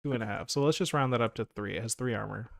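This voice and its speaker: A man narrating as game master in a casual tabletop session, laughing often and filling pauses with um and uh. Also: mid-range voice, gravelly, dry recording. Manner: casual, laughing, lots of fillers and restarts.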